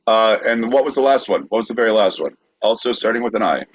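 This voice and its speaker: Husky low man on a dull dry mic. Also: animated, dry recording. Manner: playful quizzing, halting with fillers. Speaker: podcast co-host. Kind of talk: comedic podcast banter.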